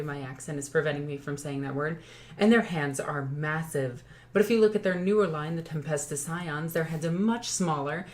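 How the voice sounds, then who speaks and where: A woman hosts her own channel in a loose, casual commentary style. Her voice sits a little low, and she chats and jokes along the way, pausing to correct herself when she trips on a word. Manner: chatty, joking, corrects her own slips. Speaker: YouTube host.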